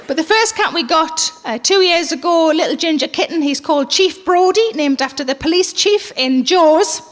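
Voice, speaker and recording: High-voiced woman doing stand-up. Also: normal speed, long reverb tail, a little hiss or hum. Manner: blunt, swearing, animated storytelling. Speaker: stand-up comedian. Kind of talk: stand-up comedy set. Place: theater stage with live audience.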